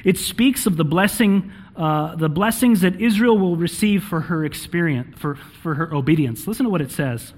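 Married preacher, slightly high voice. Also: male voice, expressive, moderate pace, few pauses. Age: adult, married. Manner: checks in with frequent "okay?", with fillers. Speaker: pastor. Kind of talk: sermon with scripture reading.

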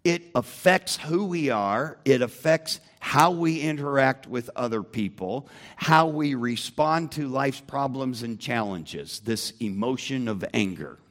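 A man's voice: medium pitch, animated, unhurried, a bit bright. A man teaching a Bible lesson to a church group, emphatic and asking the room questions.

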